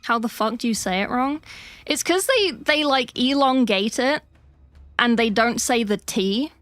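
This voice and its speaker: A woman's voice: fairly high pitch, a little slow, no room sound, faint music behind. Chatty, sweary British woman streaming. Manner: chatty, sweary, deadpan joking asides. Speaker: livestreamer painting miniatures. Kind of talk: casual livestream chat reading chat messages.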